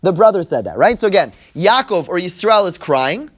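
High-voiced man teaching a text class. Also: big pitch swings, normal speed. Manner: explains step by step and checks in with "right?"; reads Hebrew verses aloud and translates them line by line. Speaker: Bible teacher. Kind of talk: text-study lecture to a class.

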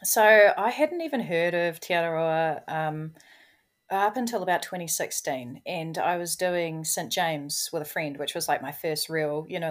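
Lively New Zealand woman, lower voice. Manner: lively, laughs often, many "like" and "you know" fillers. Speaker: guest, hiker. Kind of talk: casual storytelling in a podcast interview.

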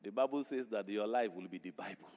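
A man's voice: on the low side, fast, vocal fry. Man preaching with emphatic repetition. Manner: emphatic repetition, rising to loud exhortation. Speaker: pastor. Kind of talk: sermon. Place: church hall. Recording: reverberant church hall.

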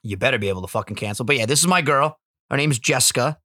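A man hosting a podcast, telling stories in casual, animated, profane chat. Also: medium pitch, rapid-fire, no room sound, clean studio sound. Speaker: podcast host.

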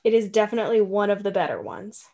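A woman's voice: medium pitch, big pitch swings, quick pace, gravelly, dark tone. A woman co-hosting a casual chat about a movie, talking in a playful, rambling way full of restarts. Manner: chatty, playful, many likes and restarts.

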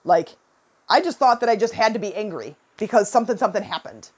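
A woman's voice: medium pitch, quick pace, breathy edge. A woman in her forties giving advice in a casual, chatty talk, with lots of fillers and acted-out quotes. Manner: chatty, animated, many fillers and quoted asides.

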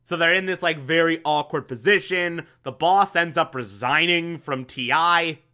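A man's voice: a little high, moderate pace, sharp tone. A young man casually recapping a TV show, enthusiastic and repetitive, with lots of fillers. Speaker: TV recap host.

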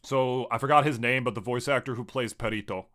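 Bright-voiced, rambling podcast man. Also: mid-range voice, fairly quick. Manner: rambling, profane, jokey. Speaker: podcast co-host. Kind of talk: casual chat.

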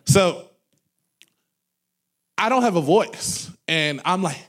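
A man in his thirties, a pastor preaching a sermon, loud and animated as he tells stories with laughs. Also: sits high, drawn-out words. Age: 30s. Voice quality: loud talker. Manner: animated storytelling with laughs and acted quotes. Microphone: handheld microphone held away from mouth.

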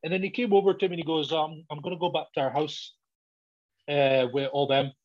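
A man's voice: steady tone, fairly quick. A man telling a story in casual chat, swearing often and laughing as he goes. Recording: dull, low-fidelity recording.

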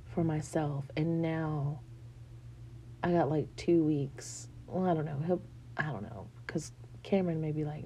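A woman's voice: low-pitched, steady tone, slow, gravelly, long pauses, warm tone, a little hiss or hum. A woman in her thirties venting candidly in a personal vlog, rambling frankly with fillers and swearing. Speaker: vlogger.

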